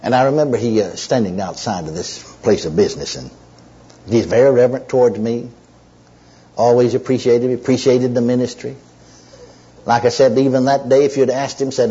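Man, preacher, sermon storytelling, raspy and husky, emphatic, dull lo-fi recording. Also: mid-range voice, expressive, brisk, mellow. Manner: emotional, repetitive, emphatic restarts.

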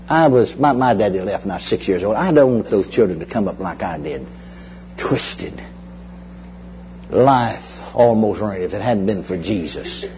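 A man's voice: mid-range voice, mellow, slight background noise. A man preaching and telling a story in an emotional, emphatic way, repeating himself and restarting phrases. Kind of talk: sermon storytelling. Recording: dull lo-fi recording.

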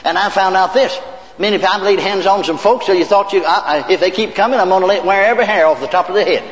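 A man's voice: sits high, fast talker. An older man preacher telling stories in a folksy sermon, often repeating words and laughing, in a church hall on a dull lo-fi recording. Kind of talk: sermon storytelling. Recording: echoey hall, dull lo-fi tape.

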